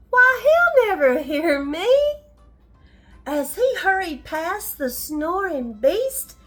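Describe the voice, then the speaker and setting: An older woman telling a bedtime story to children, gently asking them questions along the way. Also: extremely high pitch.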